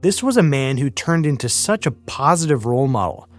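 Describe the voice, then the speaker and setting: A man hosting a podcast, reading scripted narration in a measured, even way. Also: mid-range voice. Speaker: podcast host. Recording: faint music underneath.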